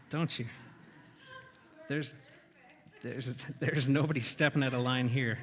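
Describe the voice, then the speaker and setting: A man preaching a sermon to his congregation in a church, conversational and often checking in with the room. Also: medium pitch. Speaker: pastor. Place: church sanctuary. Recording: reverberant church hall.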